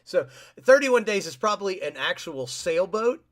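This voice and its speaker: A man's voice: sits high, very animated, moderate pace. A man co-hosting a podcast in casual chat, wry and sarcastic about government. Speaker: podcast co-host.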